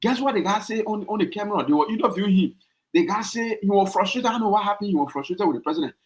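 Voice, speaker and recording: A man with a Liberian English accent hosting a podcast and arguing his point, repeating himself and jumping up high when worked up. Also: lively intonation, rapid-fire, poor audio. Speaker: podcast host. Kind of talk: heated podcast debate.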